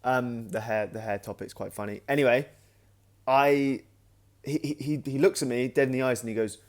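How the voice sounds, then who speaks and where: A man in the middle of a casual vlog story, talking at a middle pitch. He loops back on himself with restarts and filler words. He livens up whenever he acts out what he said at the time. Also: moderate pace. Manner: animated anecdote, acting out his own past remarks; loose, with frequent restarts and "like". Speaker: creator and host of his own channel.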